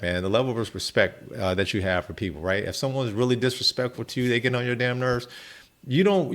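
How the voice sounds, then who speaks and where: A man's voice: medium pitch, vocal fry. A man hosting a reaction video, talking in a laid-back, chatty way and peppering his talk with "man". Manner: laid-back, frequent "man", chuckling asides. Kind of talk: casual commentary.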